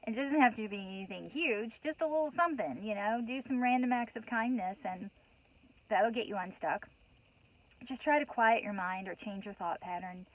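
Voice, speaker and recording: Her mid-range voice moves at a moderate pace as this woman host shares a heartfelt spiritual talk with viewers. Earnest, emotional and a little worked up, she rambles with frequent restarts and "you know"s, on audio with the highs cut off.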